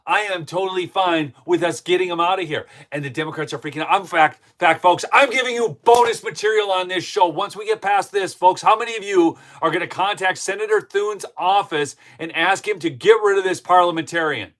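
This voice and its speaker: A fired-up male host rants through a live political stream and keeps turning to his chat. His voice sits high for a man, and his indignation builds as he goes. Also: brisk, few pauses, fairly bright tone. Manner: heated and indignant, talks to the chat. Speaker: political commentary show host.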